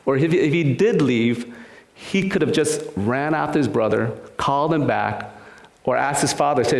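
A man's voice: mid-range voice, normal speed, vocal fry, echoey room. A man giving a sermon in an earnest way, often repeating words and acting out what people in the story say. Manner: earnest, repeats words, acts out quoted voices. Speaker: preacher.

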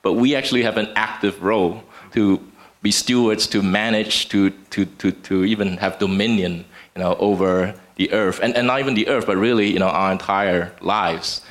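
A man with a very low voice adds his thoughts to a church group discussion. He explains a scripture teaching steadily and thoughtfully, sometimes restarting a phrase as he works through the point. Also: fairly even intonation. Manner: measured, explanatory, some restarts.

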